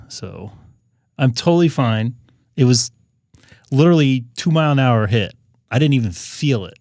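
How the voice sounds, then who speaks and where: A man's voice: medium pitch, darkish tone, dry recording, clean studio sound. A man hosting a ham radio live stream, talking casually and rambling with frequent fillers and restarts.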